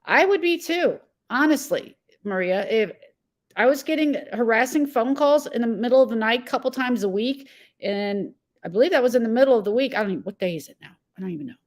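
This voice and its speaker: A woman with a slightly high voice and lively intonation hosts a casual live-stream commentary at a fairly quick pace. Agitated and blunt, she reads chat messages and answers viewers by name, rambling with fillers and self-corrections.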